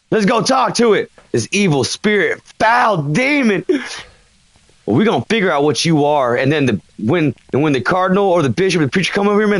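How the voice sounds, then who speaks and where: A man talking through a video game in a loose, chatty way, his pitch jumping around a lot. He mutters low to himself and then bursts out loud and theatrical. The sound is dry and close to the mic. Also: no echo. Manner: animated, swings from mumbling to yelling at a ghost. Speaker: gaming streamer. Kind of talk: let's play commentary.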